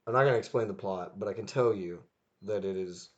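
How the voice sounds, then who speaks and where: A young man co-hosting a podcast in casual chat, laughing easily and cutting in often. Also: lowish voice. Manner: laughing, quick to jump in. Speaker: podcast co-host. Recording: dull lo-fi podcast audio with faint noise.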